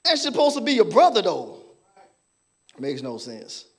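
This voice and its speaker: A man preaching a sermon as pastor, playful and animated, acting out people's voices and laughing with the congregation. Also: sits high, unhurried, husky.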